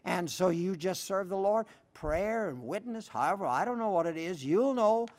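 A man's voice: sits high, expressive, normal speed, a little mellow. An older man preaching a folksy sermon, telling stories with emphatic repetition and answering listener letters. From rural sheep-raising upbringing. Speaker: radio preacher.

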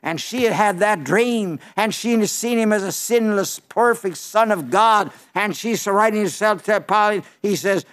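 Fiery high-voiced male preacher. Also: a little slow, few pauses. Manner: dramatic storytelling, swinging from loud outcries to hushed tones. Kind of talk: fiery televised sermon. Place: television studio.

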